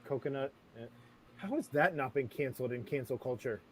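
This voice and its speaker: Guy hosting a chill podcast chat, playful, tossing out hot takes, middle-pitched voice. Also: expressive, brisk, slight background noise. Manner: playful, dropping bold opinions, laughing often. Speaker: host. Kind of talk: casual chat.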